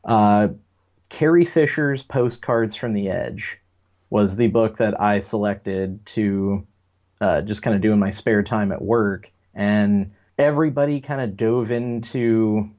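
A man's voice: fairly low pitch, slow pace, a little mellow. A man co-hosting a casual pop culture podcast, joking and rambling with fillers. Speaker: podcast co-host. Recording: dull lo-fi sound.

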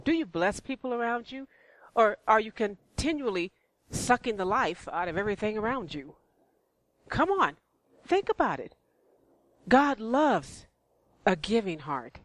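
A woman's voice: medium pitch, big pitch swings, measured pace, pauses often, no room sound. A woman preaching in church, conversational and repetitive, with rhetorical questions. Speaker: church speaker. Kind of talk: sermon.

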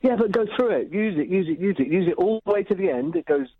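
A man's voice: high-pitched, animated, quick pace, husky, dry recording. A man calling in to a radio show, chatty and earnest as he gives cooking advice. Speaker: caller. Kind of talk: phone-in chat. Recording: tinny phone line.

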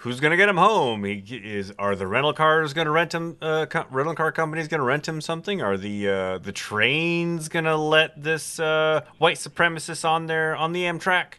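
A man co-hosting a podcast in casual chat, wry and halting, with frequent restarts. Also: a little high, sharp tone, smooth. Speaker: podcast co-host.

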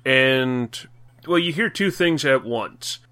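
A man running a tabletop role-playing game as game master, narrating the scene in a relaxed, vivid way. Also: medium pitch, takes it slowly, no room sound.

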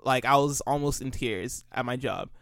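A man's voice: mid-range voice, normal speed, gravelly, fairly bright tone, no echo. A man in casual podcast chat, plugging his shows with a rambling, filler-heavy, laid-back manner. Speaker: podcast co-host.

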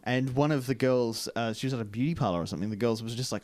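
A man's voice: medium pitch, quick pace, darkish tone, no echo. A man in his thirties co-hosting a podcast, chatting casually with a slight lisp from new braces, laid-back and self-mocking. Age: 30s. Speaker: podcast co-host. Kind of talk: casual chat.

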